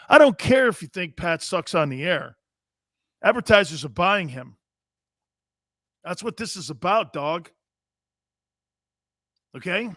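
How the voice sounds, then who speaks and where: A brash, loud middle-aged man hosts a sports talk show, riffing and ranting straight at his viewers. His voice sits a bit higher than most men's. The sound is close and dry, with no room around it. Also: expressive, measured pace, long pauses, no room sound. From US Northeast. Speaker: sports radio host.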